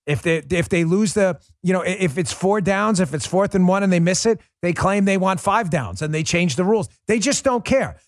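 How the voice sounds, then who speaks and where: A man's voice: animated, normal speed, hardly any pauses, no echo, clean studio sound. Angry ranting male political host. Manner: heated, scornful ranting with sudden drops to a low mutter. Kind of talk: political commentary monologue.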